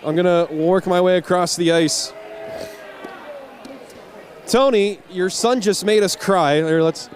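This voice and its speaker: A man's voice: sits high, steady tone, slow, pauses often. A man interviewing players on the ice after a championship game, gushing and emotional, stumbling into restarts. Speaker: on-ice interviewer for a hockey broadcast.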